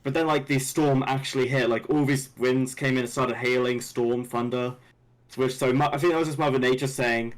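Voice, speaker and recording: A man's voice: mid-range voice, fairly even intonation, moderate pace, poor audio. A man, co-hosting a podcast and telling a rambling story with lots of restarts. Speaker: podcast co-host. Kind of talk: casual storytelling.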